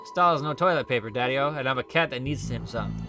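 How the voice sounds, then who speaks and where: A man putting on a cool, slangy ghost cat from a spooky adventure game, calling everyone Daddy-o. The voice is raised and loud. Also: mid-range voice, fast talker, music in the background, lightly acted. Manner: hip slang, calls people Daddy-o. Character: jive-talking male ghost cat stuck in a toilet stall.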